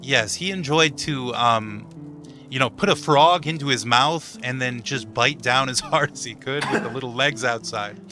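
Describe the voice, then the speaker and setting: A man's voice: medium pitch, moderate pace, bright, forceful tone, faint music behind, close to an everyday voice. A man voicing a prim, well-kept male goblin servant who stammers politely. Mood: chatty.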